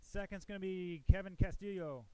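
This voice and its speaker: A man's voice: high voice, normal speed, clear, resonant tone, dry recording. A man announcing race results and podium finishers at a live event, joking between names. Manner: joking, relaxed emcee calling out winners.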